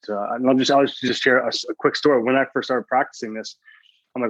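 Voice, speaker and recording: A man's voice: medium pitch, steady tone, quick pace, no echo, highs cut off. A man speaking as a guest chaplain in a podcast interview, telling stories earnestly, quoting his own thoughts and often restarting his sentences.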